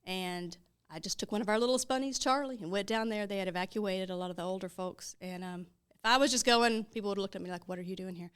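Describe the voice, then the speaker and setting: A woman's voice: medium pitch, quick pace, smooth. A woman being interviewed about running her ministry's operations, speaking cheerfully and matter-of-factly. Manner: cheerful, matter-of-fact, laughs lightly. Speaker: guest, runs ministry operations. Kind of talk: casual interview talk.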